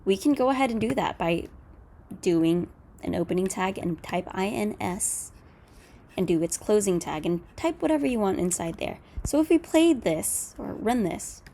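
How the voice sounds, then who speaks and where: A woman walks through a screen-recorded coding lesson in an easygoing, conversational way. She pauses on fillers and corrects herself as she goes, and her voice sits at an ordinary middle pitch. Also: expressive, creaky, dark tone, slight background noise. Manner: casual, explanatory, with fillers and self-corrections. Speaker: coding tutorial host.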